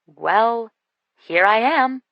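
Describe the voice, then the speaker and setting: A woman voicing a nervous, awkward young woman scientist who speaks in quick, flustered bursts. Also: on the low side, no echo, muffled recording, natural voice.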